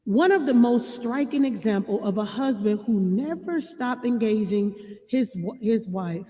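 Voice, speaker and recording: A woman giving relationship advice to her viewers, reading passages and repeating key lines slowly for emphasis. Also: fairly high pitch, mellow, big-room sound. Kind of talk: reading and commenting on a marriage book.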